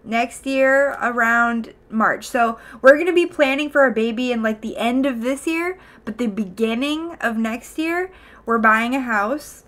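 A young woman with a slightly high, fairly bright voice streams at an unhurried pace. She rambles chattily to her viewers, often stopping to restart, correct herself or drop in fillers.

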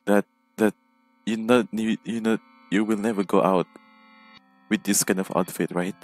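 A man's voice: fairly low pitch, steady tone, moderate pace, darkish tone, dry recording, soft background music. A man giving casual, jumpy commentary while playing a game alone at home, recorded on a headset microphone. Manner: jumpy, nervous, frequent startled exclamations. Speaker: gameplay commentator.

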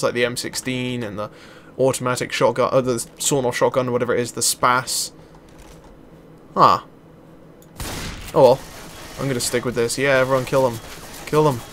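A man giving casual let's play commentary as a gaming YouTuber, chatty and excitable, exclaiming at enemies and laughing. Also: mid-range voice, a little hiss or hum.

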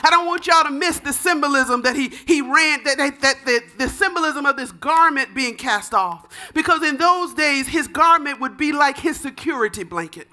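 A woman pastor delivering a fervent sermon, building to shouted repeated calls and easing into a softer teaching tone. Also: high voice, lively intonation, moderate pace, few pauses.

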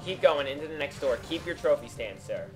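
A young man talks through a game in a goofy, excitable way and keeps telling his partner where to go. His voice sits a bit high and swings all over the place. Faint game music plays underneath. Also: fairly quick. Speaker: co-host of a let's play. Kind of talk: casual gameplay commentary.

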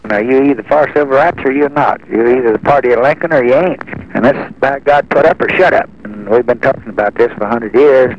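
A man's voice: mid-range voice, a little fast, a little hiss or hum. A man speaking on an archival phone call, folksy, blunt and persuasive. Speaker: president on the phone. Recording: muffled old telephone tape.

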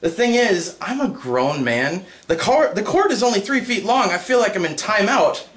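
A young man doing a stand-up set for a live crowd, halting with many ums and uhs and breaking into high put-on voices. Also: very animated, fairly bright tone, a little hiss or hum. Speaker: stand-up comedian. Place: comedy stage with a live audience.

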